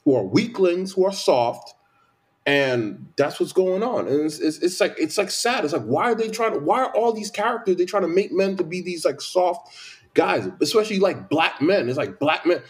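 A man's voice: high voice, moderate pace. A man in casual conversation, venting emphatically with lots of repetition. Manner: animated, repetitive, emphatic complaints. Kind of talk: casual opinion chat.

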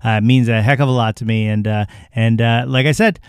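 Man, podcast host, rambling casual sign-off, smooth clear voice, dry sound. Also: medium pitch, steady tone, a little fast, no room sound. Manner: chatty, rambling, many filler restarts.

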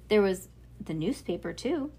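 A woman voicing a relaxed middle-aged dad who reminisces about his childhood, in a storybook read-aloud. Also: medium pitch, breathy edge. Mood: reminiscing. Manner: breezy, nostalgic, brisk when reminiscing.

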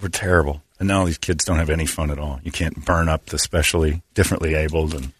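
A middle-aged man from Phoenix, hosting a radio show and telling stories with animated, acted-out voices. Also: very deep voice, fast talker, slightly rough, no echo. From Phoenix, Arizona. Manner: animated storyteller, acts out characters in raised voices. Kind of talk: casual morning show banter and storytelling.

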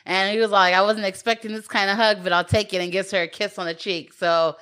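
Bright-voiced woman in casual chat. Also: mid-range voice, level tone, a little fast, smooth. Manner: rambling retelling with fillers and quoted dialogue. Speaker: co-host recapping a film.

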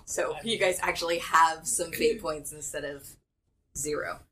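A woman's voice: sits low, unhurried, a bit bright. A woman hosting and running a tabletop game as game master, upbeat and giggly. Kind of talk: casual tabletop game chat.

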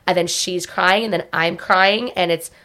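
A woman's voice: on the low side, steady tone, normal speed, pushed and bright. A young adult woman co-hosting a podcast, telling a story in a rambling, casual way full of "like"s. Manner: rambling, filler-heavy storytelling with many "like"s. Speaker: podcast co-host. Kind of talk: casual chat.

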